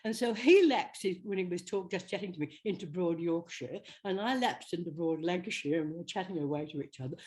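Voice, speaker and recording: An older woman, an actress guest telling chatty, animated stories in an interview. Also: lowish voice, fairly quick, hardly any pauses. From Australia. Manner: chatty, animated, slips into quoted voices. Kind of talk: anecdotal storytelling.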